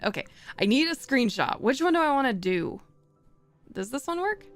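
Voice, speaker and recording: A woman's voice: sits high, sing-song, normal speed, soft background music. A woman streaming as a VTuber, chatting casually and rambling as she thinks aloud while working, often laughing. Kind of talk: casual live-stream chat.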